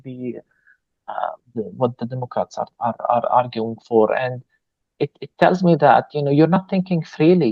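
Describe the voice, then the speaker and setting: A man, a pastor, answering an interview question in a measured, earnest way, pausing with fillers. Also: fairly high pitch, dry recording, highs cut off. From Palestine. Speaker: pastor and guest.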